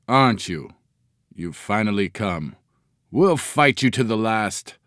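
Wary storybook professor dad in his thirties, low voice, dry and close, read by a man. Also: lively intonation, slow pace, a bit bright, no room sound. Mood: suspicious. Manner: suspicious, clipped. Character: wary, weary thirtyish male professor father.

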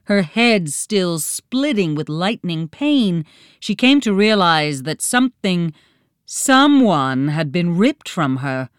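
A woman reading a storybook aloud in a slow, dramatic, expressive manner. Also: on the low side, clean tone, no echo, clean studio sound. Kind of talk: scripted storybook narration.

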